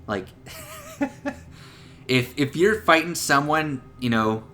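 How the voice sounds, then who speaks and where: A man's voice: fairly high pitch, sing-song, takes it slowly, pushed and bright, slight background noise. A young man giving casual, profane gameplay tips as a voice-over, laughing at his own jokes. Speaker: gaming video creator.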